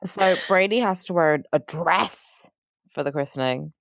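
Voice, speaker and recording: A woman's voice: lowish voice, unhurried, gravelly, no echo. A woman co-hosting a podcast in casual chat, sounding tired and yawning, with dry asides. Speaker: podcast co-host.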